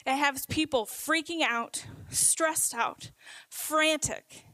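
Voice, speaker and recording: A woman preaching a sermon, earnest and emphatic, slowing down to stress her points. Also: sits high, pushed and bright, dry recording, low-quality recording.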